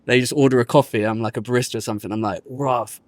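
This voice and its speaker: A man's voice: medium pitch, steady tone, racing, a little mellow, no echo. A man talks casually on a podcast, with a mid-range voice in a dry, close-miked sound. He tells his story with plenty of energy, slips into street slang and acts out the people he quotes. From United Kingdom. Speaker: guest.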